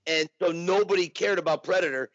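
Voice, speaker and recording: A man being interviewed, telling his story animatedly. His voice is slightly high for a man. The sound is dry and somewhat muffled, with no room echo. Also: brisk. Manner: animated anecdote telling with acted quotes. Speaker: interview guest, impersonator. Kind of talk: casual storytelling. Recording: dull dry recording.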